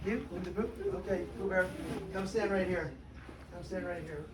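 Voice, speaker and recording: A man's voice: high-pitched, moderate pace. A man telling a rhyming story to children and leading a sing-along, with a playful, teasing way of coaxing them to join in. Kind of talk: rhyming read-aloud and sing-along with kids. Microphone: distant mic. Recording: echoey room, distant mic, background noise.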